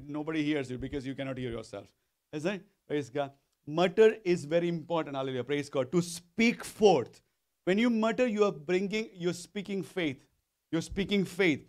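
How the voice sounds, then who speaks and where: A male pastor preaching a sermon, often repeating phrases and asking the congregation questions. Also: high-pitched. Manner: repetitive, call-and-response questions to congregation.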